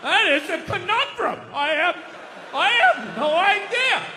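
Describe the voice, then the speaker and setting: A man's voice: very high-pitched, sing-song, a little slow, voice pushed up, heavily acted. A man voicing a dumbfounded male sports pundit, hesitant and stammering, before a live crowd. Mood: feigned puzzlement. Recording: live venue with crowd noise.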